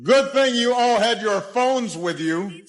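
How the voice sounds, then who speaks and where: A man's voice: very high voice, lively intonation, slow, poor audio. A middle-aged man giving a playful, teasing speech to an audience. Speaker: speaker at public events.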